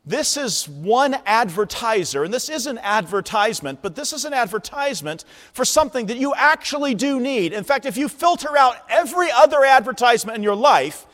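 A male pastor preaching a sermon, animated and at times shouting out calls for attention. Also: very high voice, fairly quick. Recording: long reverb of a large hall.

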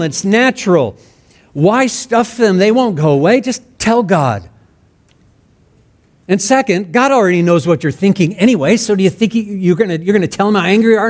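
A man preaching a sermon in an earnest, conversational way, acting out sample prayers in his own words. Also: sits high. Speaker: pastor.

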